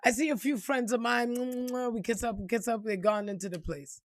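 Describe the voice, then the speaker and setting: Woman, casual profane vlog storyteller, slightly high voice, dry close sound. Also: normal speed, no echo. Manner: animated and profane, acting out quotes with laughs. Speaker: vlogger telling a personal story.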